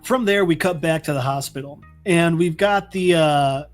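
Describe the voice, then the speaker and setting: A man's voice: a little high, moderate pace, soft background music. A man hosting a casual comic book recap, rambling with many restarts. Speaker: host.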